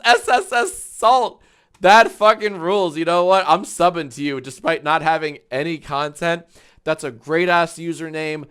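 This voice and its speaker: A man hosting a live stream, chatting casually and loudly, swearing, laughing and getting excited in bursts. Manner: excitable, loud, swears, laughs often, big swings in pitch and volume. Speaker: livestream host. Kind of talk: casual livestream chat.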